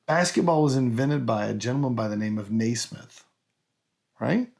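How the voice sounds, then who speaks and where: A man's voice: moderate pace, creaky. A man co-hosting a casual whisky podcast, quizzing his co-host with big swings in his voice. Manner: animated quiz-master teasing, big pitch swings.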